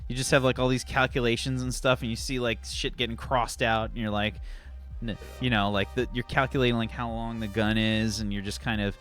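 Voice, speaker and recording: A man's voice: medium pitch, level tone, fairly quick, a bit bright, faint music behind. A man narrating as game master, rambling through descriptions with lots of "like" and restarts. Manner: rambling, full of "like" and restarts, laughs along.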